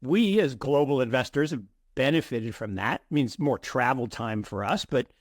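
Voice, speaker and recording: A middle-aged man co-hosting an investing show, chatting in an animated way with many restarts and repeated words. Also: mid-range voice, moderate pace, no echo, clean studio sound. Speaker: co-host of a crypto investing show. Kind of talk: casual conversational commentary.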